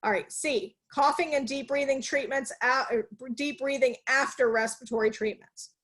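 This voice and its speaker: Over a video call, an energetic female nursing instructor runs a live class, throwing out questions and answering them on her own. She speaks at a normal speed in a fairly high voice that's a touch bright.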